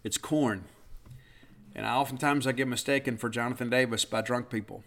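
A man's voice: medium pitch, steady tone, brisk, fairly bright tone. A man in his fifties hosting a podcast, telling a rambling, self-deprecating story full of fillers. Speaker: podcast host. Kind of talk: casual storytelling monologue.

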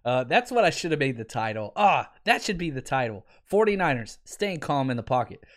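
A man's voice: mid-range voice, very animated, brisk. A man in his thirties hosting a casual sports podcast, wry and exasperated, laughing often as he talks. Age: 30s.

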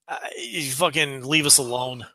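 A man's voice: mid-range voice, normal speed, gravelly, sharp tone, dry recording. A man hosting a wrestling podcast, giving blunt, profane opinions in casual chat. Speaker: podcast host.

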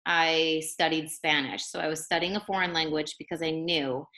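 A young woman talks casually as a podcast guest, chatty and easygoing. Her voice sits a little low for a woman, and her speech is full of "like"s. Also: fairly even intonation, moderate pace, bright, forceful tone. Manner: chatty, many fillers like 'like'. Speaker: podcast guest, life coach. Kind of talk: casual interview chat.

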